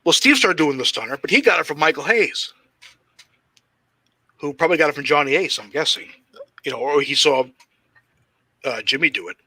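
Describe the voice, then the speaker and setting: A man's voice: a little high, brisk, pauses often, pushed and bright, no room sound. A man, a professional wrestler as guest, telling rambling, profanity-laced anecdotes in a casual interview. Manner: heavy swearing, rambling anecdotes; self-described shy and socially awkward.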